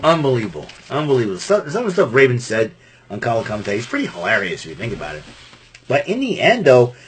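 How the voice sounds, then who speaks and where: With slight background noise behind him, a medium-pitched man from Massachusetts moves quickly through a recap of a wrestling event on his show. He's casual and animated, rambling, restarting and laughing frequently.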